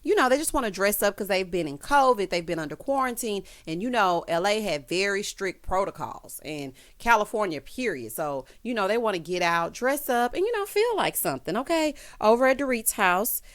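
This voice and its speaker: A woman's voice: brisk, hardly any pauses. A woman giving casual, sassy commentary in a reality TV recap, calling everyone honey and child and swooping her voice up for emphasis. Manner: animated swoops in pitch for emphasis.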